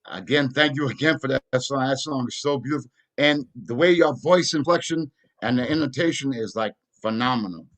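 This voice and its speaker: A man's voice: medium pitch, brisk, fairly bright tone. A man hosting an interview, gushing with praise and asking loose, rambling questions full of fillers. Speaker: interview host. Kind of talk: casual interview.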